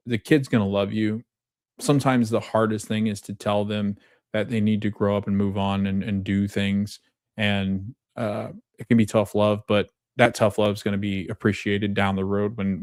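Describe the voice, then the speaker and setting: Low-voiced man recapping a show, dry sound. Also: no room sound. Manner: laughs often while retelling scenes; quotes characters in his own voice. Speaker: podcast host. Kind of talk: casual episode recap.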